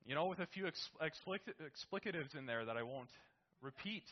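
A man's voice: a little high, expressive, brisk, highs cut off. Rambling man telling a story. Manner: rambling with many restarts and "right?". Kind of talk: casual spoken anecdote.

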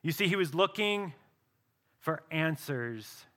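A male pastor preaching a sermon earnestly, often dropping to a soft, slow voice for emphasis. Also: fairly high pitch, lively intonation.

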